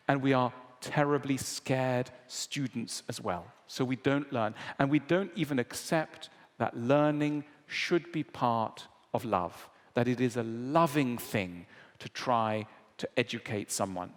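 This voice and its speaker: A man giving a public lecture, animated and acting out the voices he quotes. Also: medium pitch. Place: large lecture hall. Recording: long reverb of a lecture hall.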